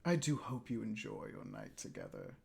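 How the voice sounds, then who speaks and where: A woman voicing a menacing spirit that controls a teenage boy like a puppet, speaking in a low, cold whisper. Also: huge pitch swings, normal speed, gravelly, a crowd in the background, heavily acted.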